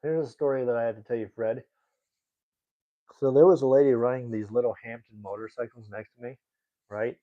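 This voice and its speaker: A man's voice: medium pitch, steady tone, brisk, long pauses. A young man livestreaming in a casual, rambling way, reading chat and talking indignantly. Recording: tinny phone-like audio.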